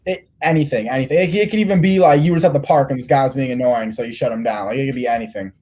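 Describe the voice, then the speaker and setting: Male interviewer, fast rambling talk, mellow tone. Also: mid-range voice. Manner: rambling, many restarts. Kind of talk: casual interview.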